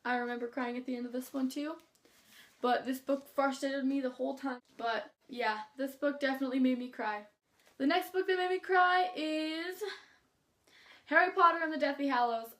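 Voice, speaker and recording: A woman's voice: high-pitched, a bit bright. A teenage girl talking casually about books as a vlogger, gushing and chatty with lots of filler words. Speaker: book vlogger. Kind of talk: casual chat.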